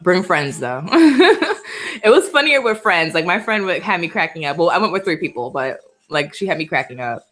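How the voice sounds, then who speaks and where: On a live stream, a Bronx woman in her twenties with a light New York accent chats casually, laughs a lot and reads out viewer comments. Her fairly low voice has a sing-song lilt, a touch of brightness and a normal pace.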